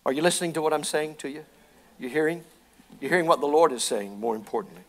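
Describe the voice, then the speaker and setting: A man preaches to his church congregation in a high voice. He reads scripture aloud and then explains it in folksy terms. At times his delivery climbs into fervent, shouted preaching. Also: lively intonation, quick pace, a little hiss or hum. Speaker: pastor. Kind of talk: sermon. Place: church sanctuary.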